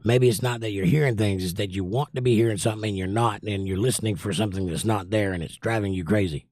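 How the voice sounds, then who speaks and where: A man's voice: on the low side, quick pace, no room sound, studio quality. A man hosting a casual livestream from home, chatting loosely and reading viewer comments aloud at his desk microphone. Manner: relaxed, rambling, reads viewer comments aloud. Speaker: livestream host reading chat. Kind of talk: casual chat. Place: indoors at home by a window.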